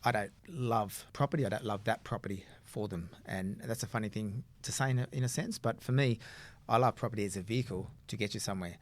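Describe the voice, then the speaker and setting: A man's voice: on the low side, fast talker. A man, a buyer's agent explaining his work in casual podcast chat, rambling with frequent fillers.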